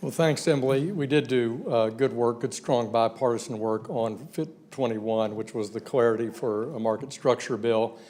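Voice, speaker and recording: A man, a lawmaker, answering a reporter's question at a press conference in a measured way with some fillers. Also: medium pitch, darkish tone.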